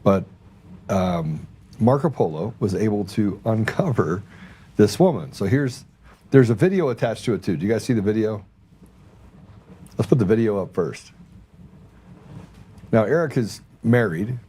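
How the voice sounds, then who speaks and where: A man's voice: fairly low pitch, animated, unhurried, long pauses, dark tone, a little hiss or hum. A man hosting a political talk show, casual and rambling, often sarcastic, repeating his words as he goes. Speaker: podcast host.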